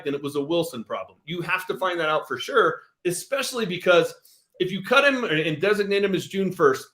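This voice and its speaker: A man's voice: high voice, fairly bright tone. A male sports radio host reasoning through a football argument, often restarting his sentences. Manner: analytical, stumbles and restarts while reasoning. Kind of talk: sports talk radio debate.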